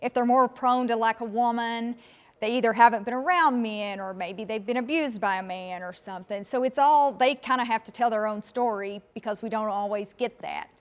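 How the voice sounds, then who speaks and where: Speaking fairly quickly in a voice on the high side, a Southern American woman who volunteers in dog rescue gives plain answers as an interview guest.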